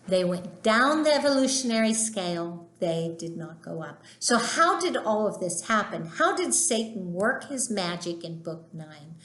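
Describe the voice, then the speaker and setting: A woman's voice: mid-range voice, animated, unhurried, a bit bright, reverberant. A woman teaching literature in a chatty, emphatic lecture style. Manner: chatty, emphatic, acts out quoted dialogue. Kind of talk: informal lecture.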